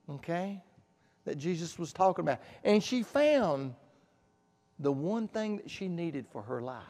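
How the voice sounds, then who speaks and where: A male pastor preaching a sermon in a church sanctuary, emphatic and repetitive, dropping to quiet asides. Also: sits high. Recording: long church reverb.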